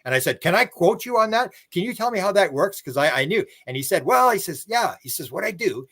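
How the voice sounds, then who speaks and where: A man's voice: very animated, a little fast, fairly bright tone, breathy edge. A man being interviewed on a live stream, telling long stories and acting out quoted dialogue. He chuckles now and then and restarts his sentences often. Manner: rambling, many restarts and repeated words; acts out quoted dialogue with a livelier pitch. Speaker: interview guest, author. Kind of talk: casual storytelling on a live stream.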